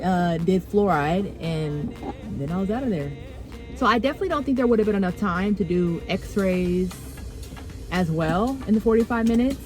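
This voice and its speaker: A woman's voice: medium pitch, normal speed, darkish tone, rough recording. A woman dental hygienist chatting casually in a vlog, blunt and profane, acting out conversations. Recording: music playing behind.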